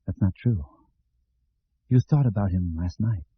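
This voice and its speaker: Shaken writer guy talking himself down, husky and low, dull lo-fi audio, narrator doing it. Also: a little slow, heavily acted.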